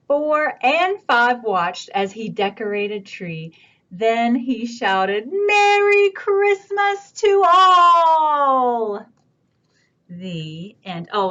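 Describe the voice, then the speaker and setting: A woman librarian leading a virtual children's storytime, reading slowly and asking the kids gentle questions, recorded on a camera in a library room. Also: medium pitch. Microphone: camera on a stand. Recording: dull lo-fi camera audio, faint room hiss.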